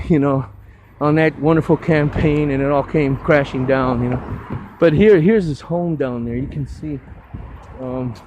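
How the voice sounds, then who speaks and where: A man's voice: on the high side, a little mellow, slight background noise, poor audio. An older man volunteering to clean up litter, giving a rambling, enthusiastic casual walking tour outdoors on a hillside road, full of stumbling restarts.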